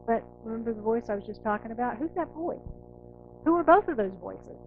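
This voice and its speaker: A middle-aged woman minister giving a conversational, animated sermon, acting out inner voices. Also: on the high side, brisk, phone-quality sound, faint music behind. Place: church sanctuary.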